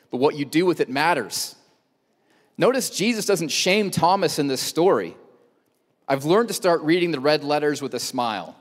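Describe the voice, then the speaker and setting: A male pastor preaching a sermon in a conversational way, with rhetorical questions and joking asides. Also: medium pitch. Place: church auditorium. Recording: long church hall reverb.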